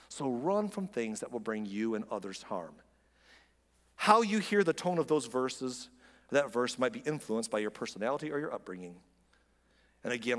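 A man's voice: mid-range voice, fairly bright tone, big-room sound. A man preaching a sermon as a pastor, in an earnest, conversational way with frequent restarts.

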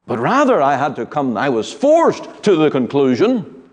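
Earnest, measured British Bible teacher. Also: male voice, a little high, wildly swooping pitch. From United Kingdom. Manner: earnest, measured teaching with frequent pauses and fillers. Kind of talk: Bible study lecture.

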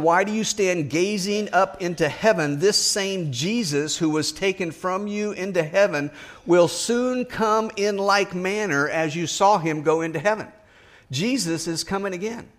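A middle-aged man delivers a sermon in a fairly high voice. He preaches earnestly and with emphasis, climbing in pitch on the words he presses hardest. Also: moderate pace.

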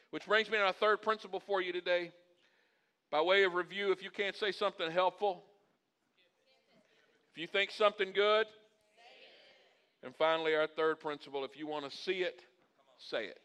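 A man preaching a sermon as pastor, animated and folksy, building to loud, impassioned peaks. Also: sits high, fairly quick, smooth. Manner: folksy and humorous asides.

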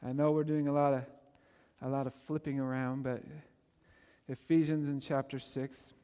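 A man's voice: mid-range voice, flat delivery, normal speed, dark tone, smooth, in a large hall. A man preaching a sermon as pastor, with an emphatic, repetitive cadence.

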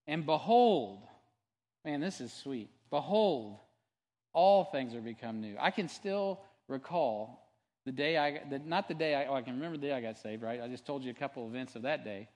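A male pastor preaching a sermon in a conversational, storytelling way, earnest and animated, often restarting and adding asides. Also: medium pitch, brisk, long reverb tail. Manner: earnest and animated when testifying.

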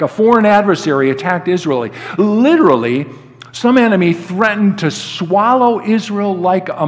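An older man preaching a sermon as a guest pastor, telling stories and acting out the quoted lines with rising emphasis. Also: fairly high pitch. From United States. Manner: storytelling, acts out quoted dialogue with rising emphasis. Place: church sanctuary. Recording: long hall reverb.

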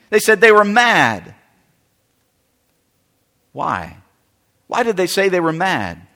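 Man, preacher, high voice, sermon, emphatic, big echoing hall. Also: huge pitch swings, slow, long pauses. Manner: emphatic preaching with wide swings in loudness. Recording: long reverb of a large hall.

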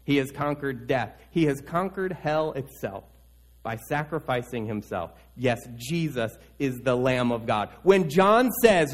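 A pastor preaching a sermon in an earnest, urging way, building through repeated phrases. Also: male voice, mid-range voice, animated, unhurried.

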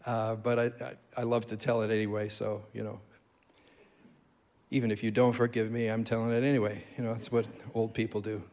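A man preaching a sermon as a guest speaker, telling stories in an animated way and repeating key phrases for emphasis. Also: fairly low pitch, a little fast. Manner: animated storytelling, emphatic repetition.

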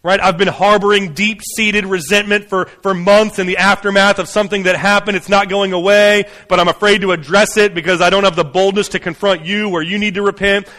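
Man, conversational sermon, fairly high voice, chatty asides, urgent bursts then soft slow drops. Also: big-room sound. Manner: conversational preaching, frequent "right?" and "you know" asides. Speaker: pastor.

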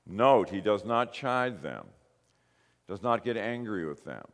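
A man preaching a sermon, telling the story in a lively way and acting out the quoted lines. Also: lowish voice, a little slow. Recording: long hall reverb.

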